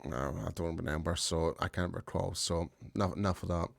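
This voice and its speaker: A man's voice: sits low, steady tone, fairly quick, vocal fry, dry recording. A man co-hosting a casual sports podcast, talking loosely and poking fun at himself. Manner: chatty, loose, self-deprecating. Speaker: podcast co-host.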